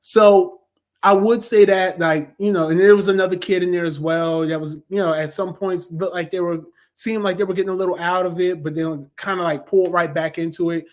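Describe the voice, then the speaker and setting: A man in his thirties giving a casual, animated movie review, full of slang, fillers and mocking impressions of critics. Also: sits high, a little fast.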